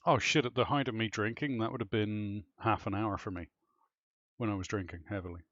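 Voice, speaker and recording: A man with an Irish accent telling stories in casual chat with friends on a live stream, animated and swearing freely. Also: fairly low pitch, brisk, no room sound, highs cut off. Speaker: streamer chatting with clanmates.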